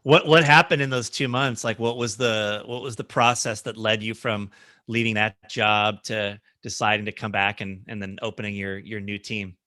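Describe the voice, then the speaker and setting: A man's voice: on the low side, steady tone, moderate pace, bright, forceful tone, no echo, clean studio sound. A man hosting a podcast interview, asking curious follow-up questions. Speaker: podcast host. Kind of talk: interview conversation.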